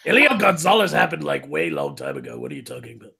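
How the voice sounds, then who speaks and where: Gravelly raspy man with a jumpy voice. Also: a little high, huge pitch swings, fast talker. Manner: loud, mocking, swears a lot. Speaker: stream panelist. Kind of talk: crude joking banter.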